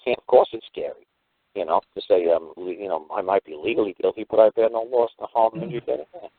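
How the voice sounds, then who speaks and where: Fast-talking blunt man on a phone line. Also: on the low side, slightly rough, dry recording. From United States. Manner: blunt, profane, rambling storytelling. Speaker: radio talk show host. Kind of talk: casual talk radio monologue. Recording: tinny phone-line radio audio.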